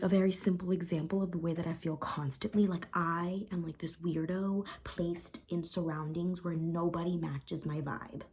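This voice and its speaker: Upset young woman, husky low voice. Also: a little mellow. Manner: candid, rambling, repeats phrases. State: upset and frustrated. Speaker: vlogger. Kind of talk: emotional confessional vlog.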